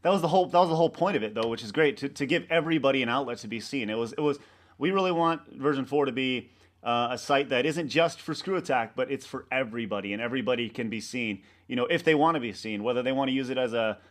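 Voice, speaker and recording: A man, a website co-founder, talking in a casual interview, rambling and halting with many restarts and fillers. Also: mid-range voice. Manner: animated storyteller acting out coworkers' lines.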